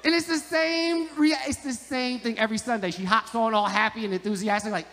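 Speaking in a very high, pushed, bright voice at a brisk pace, a New Jersey man rambles through a profane stand-up set outdoors at a club, cracking himself up. The sound is live from the stage with long reverb.

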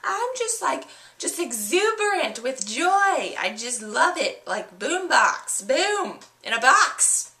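A woman's voice: sits high, takes it slowly, echoey room, voice pushed up, full character voice. A woman doing a squealing giddy little girl. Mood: gushing. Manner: breathless, squealing excitement. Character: giddy little girl, gushing and easily upset.

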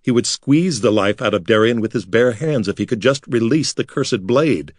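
A man narrating a fantasy audiobook in a measured, dramatic way. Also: medium pitch, expressive, dry recording, studio quality. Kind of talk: scripted narration.

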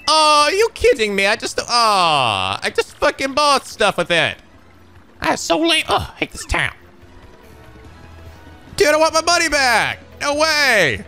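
A man's voice: very high-pitched, huge pitch swings, a little slow, sharp tone, faint music behind. A man giving casual, sarcastic, profane commentary while playing a video game. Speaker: let's player.

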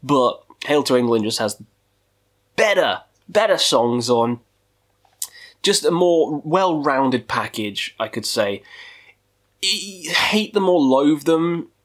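A man's voice: a little high, expressive, slow pace, pauses often. Profane goofy man counting down albums. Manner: profane, goofy, jokey asides. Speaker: metal music YouTuber. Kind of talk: casual video countdown.

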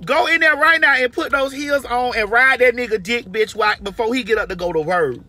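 A woman's voice: fairly high pitch, brisk, sharp tone. A woman giving brash, profane, emphatic advice in a casual monologue from her car. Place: inside a parked or moving car.

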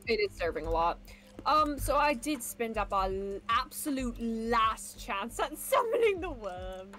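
A woman's voice: a little high, very animated, measured pace, bright, forceful tone. A woman co-playing a game with a friend, casually chatting in a dry, wisecracking way and swearing freely. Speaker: co-player. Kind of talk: casual gaming chat.

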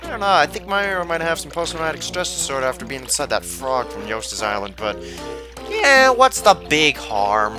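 A man giving casual let's play commentary, rambling and joking at himself. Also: a little high. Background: game music.

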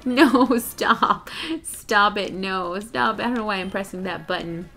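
A young woman chatting excitedly through a let's play, groaning and laughing at the game. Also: medium pitch, measured pace, faint music behind. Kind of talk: casual gameplay commentary.

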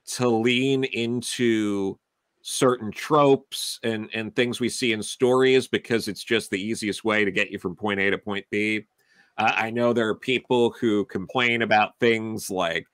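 A man's voice: medium pitch, a bit bright, no echo. A man on a film review panel, talking casually and rambling with many restarts and fillers.

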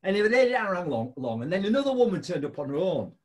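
A man hosting a show, telling a funny story in a casual chat, laughing often. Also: fast. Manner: animated, laughing storyteller with big pitch jumps. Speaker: podcast host.

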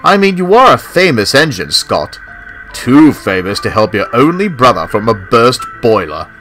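A man voicing a proud, grumpy big male steam engine who talks in a gruff, huffy way. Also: medium pitch, sing-song, normal speed, a bit bright, soft background music. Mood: bitter.

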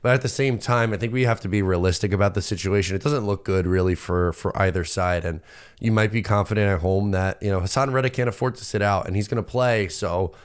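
A young man from Long Island, hosting a casual sports podcast and venting in a lively, self-interrupting way. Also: lowish voice, fast, clear, resonant tone. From Long Island, New York. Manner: animated, venting, self-interrupting with repeated words. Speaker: podcast host.

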